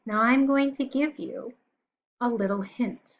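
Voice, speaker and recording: A woman teacher giving a recorded lesson to young children, patient and encouraging, pausing for answers. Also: fairly high pitch, highs cut off.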